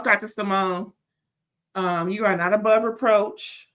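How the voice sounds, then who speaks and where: A woman hosting a casual reality TV review, sassy and animated, calling listeners "child" and stammering when riled up. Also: mid-range voice, measured pace. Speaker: reality TV recap host.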